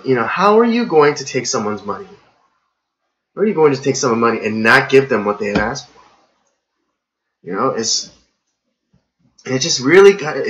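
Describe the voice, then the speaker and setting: Male podcast host, rambling filler-heavy rant, bright forceful voice, slightly dull lo-fi audio. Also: medium pitch. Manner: gets worked up and ranting. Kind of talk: casual live-stream monologue.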